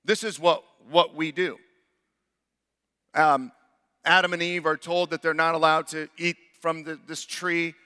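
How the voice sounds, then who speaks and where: A man's voice: fairly high pitch, little pitch movement, measured pace, pauses often, bright, forceful tone, clean tone. Earnest man preaching in a reverberant hall. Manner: earnest, builds to emphatic rhetorical questions. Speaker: pastor. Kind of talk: sermon.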